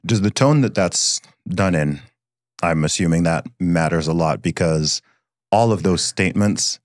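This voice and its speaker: A man with an extremely low, deep voice asks careful, considered questions as a podcast host. His delivery is measured, and the recording is dry and close. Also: no echo. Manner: thoughtful, measured questions with frequent listening murmurs. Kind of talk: conversational interview.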